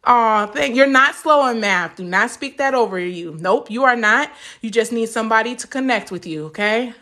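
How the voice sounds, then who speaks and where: A woman's voice: a little high, animated, normal speed, bright, forceful tone. A young woman teaching a live math lesson, chatty and encouraging, stopping to answer viewer comments.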